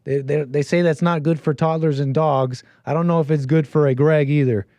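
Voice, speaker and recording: A man's voice: a little high, steady tone, brisk, mellow, no room sound. A man hosting a call-in show, talking casually and rambling, with lots of restarts and easy laughs.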